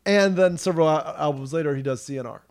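A man hosting a casual podcast chat, rambling with frequent restarts and quick laughs. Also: fairly high pitch, darkish tone.

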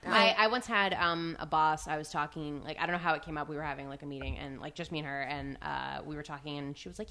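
A woman's voice: deep voice, quick pace, hardly any pauses. A woman co-hosting a podcast in casual chat, telling stories and acting out what people said. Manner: animated storyteller, acts out quotes. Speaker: podcast co-host.

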